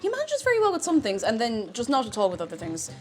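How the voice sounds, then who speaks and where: A woman chatting bubbly and excitably on a livestream while cooking, now and then breaking into shouted cheers. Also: a little high, quick pace, faint music behind. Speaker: streamer.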